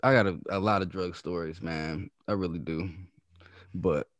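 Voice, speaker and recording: A man's voice: low voice, steady tone, normal speed, no room sound, studio quality. A man chatting casually as a co-host, laid-back and joking in slang. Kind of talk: casual chat.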